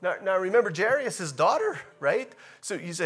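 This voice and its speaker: High-voiced man preaching with bursts of emphasis. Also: normal speed, breathy edge. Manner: animated, rising to loud emphatic bursts; casual preaching, repeats key phrases. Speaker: pastor. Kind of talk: sermon.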